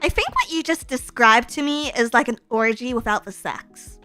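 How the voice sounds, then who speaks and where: Woman streamer, bright and sharp-toned, excitable and playfully sarcastic while reading donations. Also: fairly high pitch, moderate pace, soft background music. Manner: giggly, excitable, bursts into shrieking laughs. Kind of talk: casual live-stream chat.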